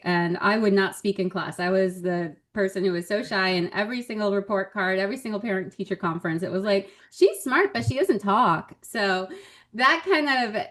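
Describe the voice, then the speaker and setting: A woman comedian as a podcast guest, telling stories in a chatty, animated way with frequent laughs. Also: mid-range voice. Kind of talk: casual podcast chat.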